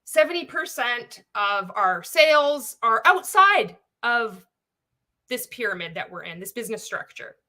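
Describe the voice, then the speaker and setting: A woman's voice: on the high side, very animated, a little slow, bright, forceful tone. A woman content creator delivering an angry, sweary, sarcastic rant to camera. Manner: angry, sweary, sarcastic, mock-quoting others. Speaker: anti-MLM content creator.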